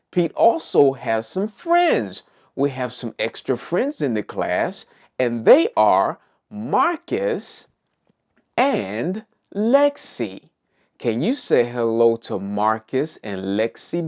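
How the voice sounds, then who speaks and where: A man's voice: mid-range voice, a little mellow. A man leading a preschool circle-time lesson, talking to small children with exaggerated, encouraging cheer. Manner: slow, sing-song, exaggerated encouraging delivery. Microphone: recorded for an online kids' video.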